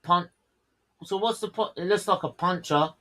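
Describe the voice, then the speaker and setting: A man's voice: sits high, moderate pace, bright, forceful tone, low-quality recording. A man co-hosting a race watchalong, ranting heatedly and swearing at the drivers. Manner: heated, swearing, fuming outbursts. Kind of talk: live race commentary rant.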